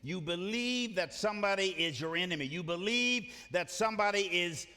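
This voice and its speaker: High bright preacher guy, church hall echo, punchy delivery. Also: animated, normal speed, clear, resonant tone. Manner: emphatic, calls on the congregation to repeat phrases. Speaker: pastor. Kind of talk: sermon. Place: church sanctuary.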